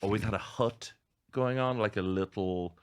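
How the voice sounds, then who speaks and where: An Irish man, a comedian guest on a podcast, telling stories in casual, animated chat. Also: on the low side, normal speed, smooth. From Ireland. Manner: animated storytelling with laughs.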